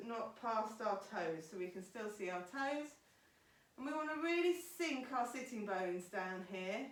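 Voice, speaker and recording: A woman's voice: on the high side, fairly bright tone. A woman yoga teacher guiding a live class through poses and breathing, with encouraging step-by-step cues. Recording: echoey room, voice from far off.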